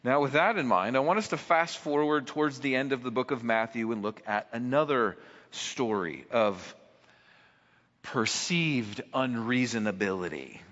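A man's voice: mid-range voice, normal speed, a bit bright. A male preacher giving a conversational sermon, posing rhetorical questions to his congregation. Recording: echoey hall, dull lo-fi sound.

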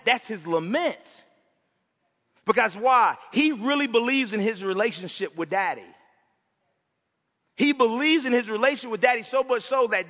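A man preaching a passionate sermon in a church, swinging between loud cries and hushed, quiet lines. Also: very high voice, expressive, normal speed. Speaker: pastor. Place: church sanctuary. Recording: dull sound with long hall reverb.

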